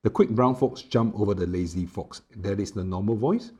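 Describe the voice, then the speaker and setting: Speaking at a normal pace in a lowish voice, a tech reviewer tries out a small wireless clip mic in his home. The room has an air conditioner, and his product demo vlog is relaxed and heavy on fillers.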